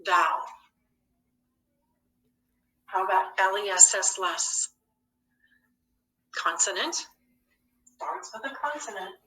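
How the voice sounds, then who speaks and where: A woman's voice: mid-range voice, animated, slow, pauses often, bright, forceful tone, recorded from a distance. A woman teaching a phonics lesson to young children. She speaks patiently, asking questions and answering them herself. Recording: echoey classroom, voice from off the mic.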